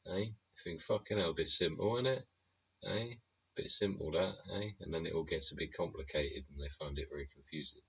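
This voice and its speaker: Husky, deep-voiced man ranting. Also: fairly bright tone. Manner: sweary, rambling, constant tag questions, chuckling. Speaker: show host. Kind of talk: casual ranting monologue. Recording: dull lo-fi recording.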